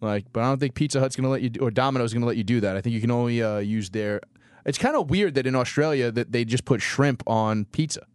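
Fast-talking laid-back podcast man. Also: mid-range voice, darkish tone, smooth, no room sound, studio quality. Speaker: podcast co-host. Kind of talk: casual podcast banter. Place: small podcast studio.

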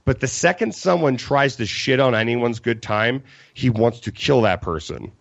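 A man's voice: mid-range voice, normal speed, creaky, no room sound. A young man from Colorado, co-hosting a casual podcast, telling a story with lots of acted-out quotes, fillers and swearing. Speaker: podcast co-host. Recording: dull lo-fi podcast mic, dry.

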